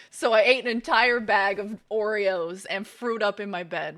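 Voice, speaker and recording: A woman's voice: mid-range voice, moderate pace, fairly bright tone. A woman streamer in casual live chat, playfully greeting viewers by name. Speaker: gaming streamer.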